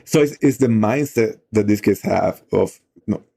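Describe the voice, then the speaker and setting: This guest is a middle-aged man who leads outdoor programs, sharing an emotional story on a talk show with plenty of "you know" fillers. His voice is low, gravelly and dark, delivered at a normal speed, and he tells the tale earnestly.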